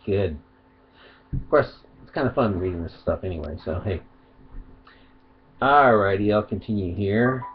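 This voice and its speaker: A man's voice: fairly low pitch, unhurried, long pauses, dull audio, a little hiss or hum. A man giving a rambling, argumentative vlog monologue, partly reading aloud, with many restarts. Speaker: video commentator.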